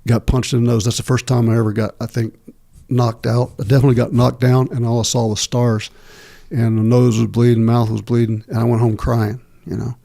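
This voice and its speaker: A middle-aged man speaks as a podcast guest, his voice gravelly and low-toned with a dark, mellow timbre. He talks in a halting, candid way, breaking off and restarting often as he recalls his past. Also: little pitch movement. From Texas. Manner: halting, many filler pauses and restarts. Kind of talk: candid interview storytelling.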